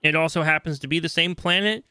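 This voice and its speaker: A man's voice: fairly high pitch, fairly even intonation, fast, bright, forceful tone, clean tone, dry recording, studio quality, faint music behind. A man hosting a podcast, explaining game lore in a chatty, casual way and checking in often with "right?". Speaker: podcast host.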